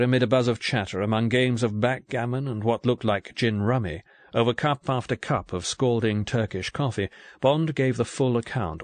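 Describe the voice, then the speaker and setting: A man reading an audiobook novel in steady scripted narration. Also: medium pitch, dry recording.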